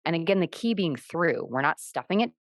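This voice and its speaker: Brief: woman host in her thirties, low voice, reflective storyteller, dry close sound. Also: expressive, a little fast, no room sound. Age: 30s. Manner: reflective, explains with personal stories. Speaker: podcast host. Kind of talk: casual conversation.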